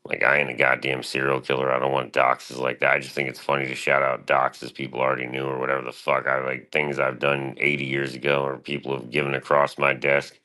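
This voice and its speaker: His delivery is completely flat, fairly quick, and has few pauses as he rambles through a casual stream monologue full of bragging and swearing. The man's voice is extremely low yet has a bright, forceful edge.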